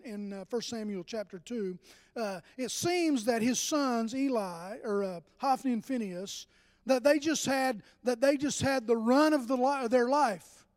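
A man's voice: very high-pitched, a little mellow, big-room sound. An older man preaching a conversational sermon as pastor, restarting phrases and rising into emphatic bursts.

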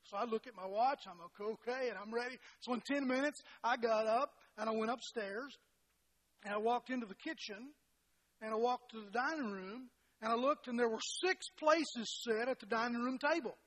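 A man's voice: very high voice, moderate pace, fairly bright tone, rough recording. A middle-aged man preaching a sermon as a pastor, folksy and self-deprecating, often restarting his phrases and peppering them with "you know". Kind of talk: sermon with personal stories.

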